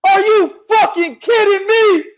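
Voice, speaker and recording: A man hosting a boxing podcast who rants loudly and swears constantly. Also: very high voice, a little slow. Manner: loud, profane, ranting. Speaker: podcast host. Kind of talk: boxing commentary rant.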